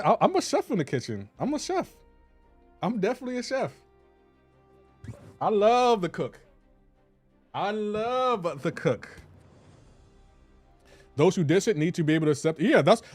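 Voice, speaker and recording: Lively, playful man bantering on stream. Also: fairly high pitch. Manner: playful teasing banter, laughs often, slangy. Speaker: live game streamer. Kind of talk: casual stream chat with viewers.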